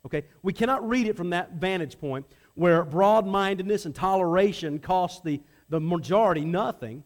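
A man with a high-pitched voice delivers a sermon to a congregation. He talks conversationally and often repeats words as he restarts a phrase. He slips into acted-out voices for the people in the story. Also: moderate pace. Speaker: preacher.

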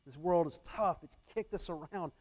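A man's voice: fairly high pitch, moderate pace, a little mellow. Earnest man preaching a sermon. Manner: earnest, repeats phrases, varies emphasis. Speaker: pastor.

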